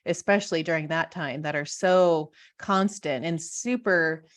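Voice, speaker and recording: Woman interview host, 30s, lowish voice, casual chatty talk full of restarts. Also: unhurried. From Washington state. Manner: chatty and personal, many fillers and restarts.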